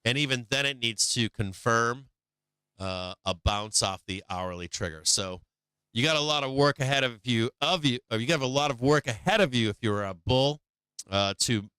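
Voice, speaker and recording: A man's voice: mid-range voice, animated, moderate pace, bright, forceful tone, clear, resonant tone, dry recording. A man hosting a stock market live stream, talking through charts live with blunt, swearing remarks and many restarts, a bit worn in the voice as he loses it. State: losing his voice.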